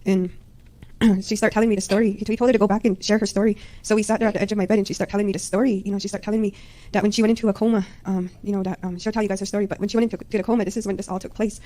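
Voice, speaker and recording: A woman rushes through a personal faith testimony in a mellow, fairly monotone voice. She sounds hesitant and keeps filling gaps with "you know" and "um". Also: medium pitch. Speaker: mother giving a testimony.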